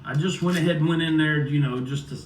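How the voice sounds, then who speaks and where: A man's voice: on the high side, fairly even intonation, quick pace, slight background noise. Rambling man, roomy and distant. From United States. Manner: rambling, loose storyteller who keeps circling back with "so anyways". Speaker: vlogger. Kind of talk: rambling personal story. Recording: roomy sound, far from the mic.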